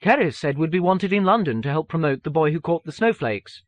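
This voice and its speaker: A woman's voice: sits low, expressive, brisk, dry recording, pitched above the performer's own voice. A man voicing a guarded, wry woman illustrator in an audiobook. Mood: wary. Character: wary woman illustrator on a phone call.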